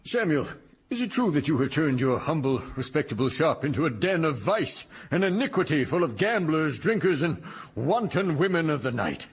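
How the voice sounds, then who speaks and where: A man's voice: on the high side, big pitch swings, moderate pace, slight background noise. An actor playing a pompous, self-pitying unemployed father in a radio comedy, speaking in grand theatrical phrases.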